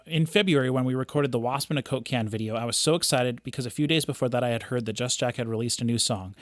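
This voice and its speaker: A man's voice: medium pitch, fairly bright tone. A man hosting a music reaction video, talking enthusiastically off the cuff and often restarting his sentences. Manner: enthusiastic, rambling with many restarts and fillers. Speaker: music reaction host, audio engineer. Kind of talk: casual unscripted commentary.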